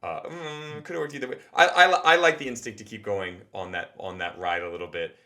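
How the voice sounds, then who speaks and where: A man hosting a show, casually breaking down a comedy set in an animated way, with quick asides and acted-out reactions. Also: medium pitch. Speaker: show host reviewing standup. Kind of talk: casual analytical chat.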